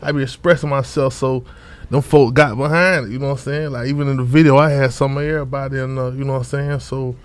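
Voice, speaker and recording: A young man from Orlando talks about his rap career in a loose, rambling way, full of street slang and "you know what I'm saying." His delivery stays flat and even, with little rise and fall. He speaks as a guest in a casual interview. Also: mid-range voice, fast, clear, resonant tone. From Orlando, Florida. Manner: loose, repetitive, street slang, frequent fillers. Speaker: rapper guest.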